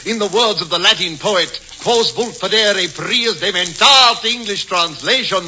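An actor playing a pompous, theatrical older butler who declaims in a hammy way, in 1940s radio comedy on a scratchy broadcast. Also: male voice, sits high, measured pace, sharp tone, lo-fi sound, full character voice.

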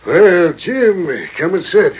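A sly, falsely friendly banker in a vintage radio western. His gravelly voice comes through a dull, lo-fi broadcast with a faint hiss behind it. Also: medium pitch, expressive, moderate pace. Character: smooth-talking scheming small-town banker. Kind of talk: 1930s radio drama acting.

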